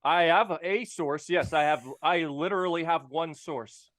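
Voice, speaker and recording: A man calling in as a guest on a sports stream, delivering mock-serious insider talk in a deadpan way. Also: a little high, moderate pace. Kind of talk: casual live-stream chat.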